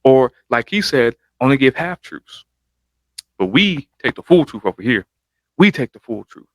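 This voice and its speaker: A man's voice: medium pitch, big pitch swings, normal speed, no room sound. A man hosting a reaction video, giving casual commentary over clips with emphatic, hyping interjections.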